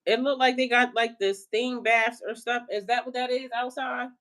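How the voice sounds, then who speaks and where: A woman's voice: fairly high pitch, steady tone, normal speed, fairly bright tone. A woman hosting a livestream as a spiritual life coach, chatting casually with viewers in a playful, slangy way and laughing often.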